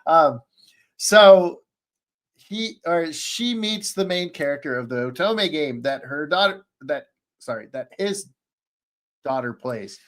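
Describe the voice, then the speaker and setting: Excitable rambling man, slightly high voice. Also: slow pace. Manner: rambling and excitable, many fillers and restarts. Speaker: podcast panelist. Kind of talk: casual chat, recapping an anime. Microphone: streaming call.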